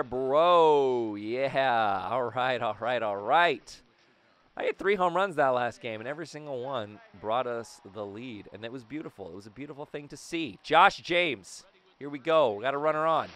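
A young man giving excited commentary on his own gameplay, talking to himself, his throat a little raspy. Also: mid-range voice. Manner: hyped, talks to himself and the game. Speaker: gaming video host.

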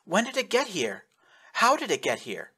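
A man's voice: high-pitched, wildly swooping pitch, normal speed, pushed and bright, breathy edge, voice pushed up, heavily acted. A man reading aloud, voicing a young woman space traveler in a raised, strained, breathless voice. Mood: startled.

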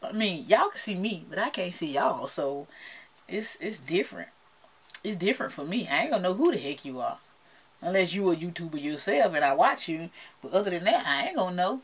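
A woman's voice: on the low side, very animated, brisk, slightly rough. A woman with a Southern US accent, chatting playfully to camera as a beauty vlogger and laughing often. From United States. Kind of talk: casual chat to camera.

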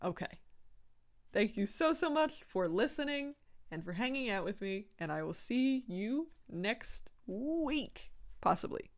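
A woman's voice: a little high, sing-song, a little slow. A woman hosting a casual podcast, reading her old fan fiction aloud and breaking off into swearing, mock-outraged asides and laughter at her own writing. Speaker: podcast host.

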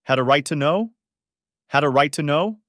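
A man reading an audiobook, voicing an older mother who scolds sharply and loudly. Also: mid-range voice, big pitch swings, moderate pace, no echo, studio quality. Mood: angry. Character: older mother, fierce and protective.

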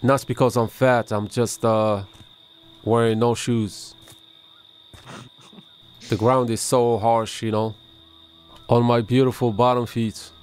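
A man's voice: mid-range voice, level tone, takes it slowly, long pauses, darkish tone, clean tone. A man in casual multiplayer game chat as a streamer, joking and bantering playfully with his teammates. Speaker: gaming streamer.

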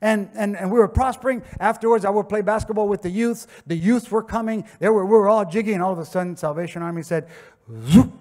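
A man with a Miami accent preaches in a church, his voice sitting high for a man. He tells stories in a loose, conversational way, acting out what people said, and his delivery swells into fervent, near-shouted passages. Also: quick pace. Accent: Miami English. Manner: impassioned preaching that builds to shouting; conversational storytelling with acted quotes. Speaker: pastor. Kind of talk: sermon. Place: church sanctuary.

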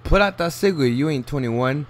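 A man's voice: fairly high pitch, animated, fairly quick. A young man giving casual gameplay commentary, joking around and trash-talking with plenty of swearing. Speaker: gamer.

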